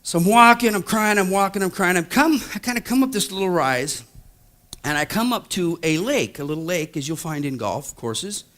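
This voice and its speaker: A man in his thirties, a pastor, telling a story in a sermon, swinging from hushed to loud. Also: high voice, animated, moderate pace.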